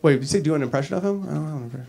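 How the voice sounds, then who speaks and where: A man doing a stand-up comedy set on a club stage into a handheld mic, brash and profane, swinging between loud bursts and mumbled asides. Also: a little high, expressive, rapid-fire, vocal fry.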